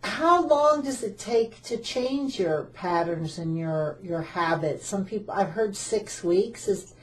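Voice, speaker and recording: A woman's voice: medium pitch, lively intonation, takes it slowly. A woman interviewer asking questions and summarizing in a friendly way.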